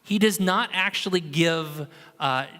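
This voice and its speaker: A man's voice: on the high side, measured pace. A man preaching a sermon in a church, in a casual, conversational storytelling manner. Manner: conversational, animated storytelling with acted quotes. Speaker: pastor. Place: church sanctuary. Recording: long hall reverb.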